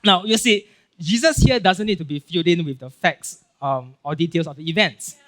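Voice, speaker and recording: Here the pastor is a man with a Singaporean English accent whose voice sits on the high side and moves at a normal speed. His sermon is relaxed and animated, full of acted-out Bible moments, filler words, and frequent "right?" and "okay?" check-ins.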